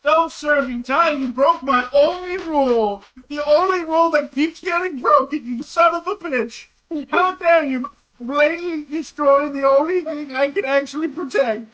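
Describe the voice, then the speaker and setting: Male streamer, high voice, bright, profane mock-outraged ranting. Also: a little slow, lo-fi sound. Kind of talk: game stream commentary.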